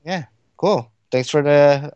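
一位男性播客联合主持人，随意闲聊，说话啰嗦，常带填充词，笑声不断。. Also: male voice, a little high, slow pace, a little mellow, smooth, no room sound, lo-fi sound. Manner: rambling, filler-heavy, laughs easily. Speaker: podcast co-host. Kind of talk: casual chat.

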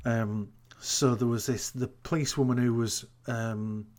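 A man's voice: medium pitch, fairly even intonation, measured pace, a little mellow. A man recapping a TV episode in casual podcast chat, incredulous and sweary as he rants about its plot holes. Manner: incredulous, ranting storyteller, sweary.

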